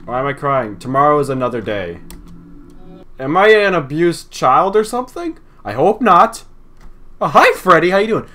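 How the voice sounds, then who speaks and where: Young man, let's play host, nervous, talks to the game, bright tone. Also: fairly high pitch, very animated, moderate pace. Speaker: gaming channel host.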